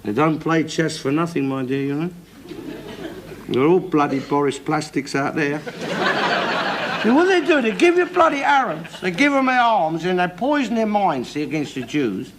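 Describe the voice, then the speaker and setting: An actor playing a bigoted, ranting middle-aged working-class man in a 1970s television sitcom, loud and blustering and swearing constantly. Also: fairly high pitch, big pitch swings, normal speed. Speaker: sitcom character. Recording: hissy old television recording.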